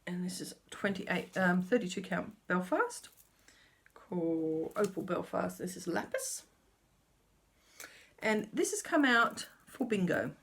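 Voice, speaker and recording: A woman's voice: fairly low pitch, big pitch swings, slow pace, fairly bright tone, husky. A woman casually showing her cross-stitch projects in a chatty, rambling way that keeps correcting itself. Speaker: flosstube host.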